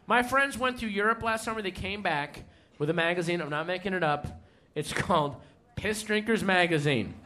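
High, bright-voiced stand-up comedian. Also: male voice. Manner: profane, animated storytelling.

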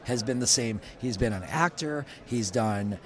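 A man's voice: mid-range voice, a little slow. A middle-aged man, a food truck owner, telling stories in casual panel chat and acting out quotes. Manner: animated storyteller, acts out quotes.

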